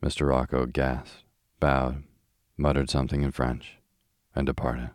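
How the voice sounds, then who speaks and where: Brief: male bedtime reader, soothing and monotone, deep voice, dry studio sound. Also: a little slow, no echo. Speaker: audiobook narrator. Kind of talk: slow sleep-story reading.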